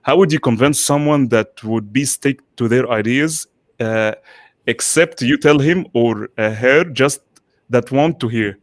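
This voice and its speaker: A man's voice: medium pitch, a little slow, no echo, clean studio sound. A man hosting a live online talk show, enthusiastic and full of fillers and repeated words. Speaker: host.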